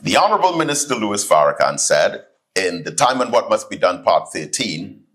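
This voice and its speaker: Animated man preaching a keynote. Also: fairly low pitch, moderate pace. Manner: animated storytelling, acts out voices in anecdotes. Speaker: keynote speaker, student minister. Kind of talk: sermon-style keynote address. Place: hall, live audience.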